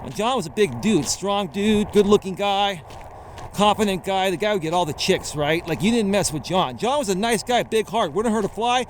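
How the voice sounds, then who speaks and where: A man working as a life coach tells a story in a casual vlog while walking a trail at night, speaking in an animated, chatty way and often adding "right?", recorded on a phone with a small shotgun mic. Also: high voice, normal speed. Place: outdoors on a trail at night near a freeway. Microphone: phone on a selfie stick with a mini shotgun mic. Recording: outdoor traffic noise behind.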